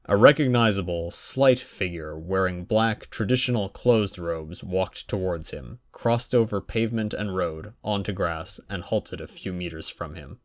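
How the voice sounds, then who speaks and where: A man narrating a fan fiction audiobook in a wry, even storytelling manner. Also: low voice, a little slow, hardly any pauses.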